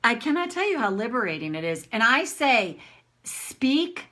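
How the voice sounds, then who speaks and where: A woman's voice: a little high, very animated, normal speed, pushed and bright. A middle-aged woman coach talking frankly to viewers in a casual live session, swearing freely and acting out her own rants.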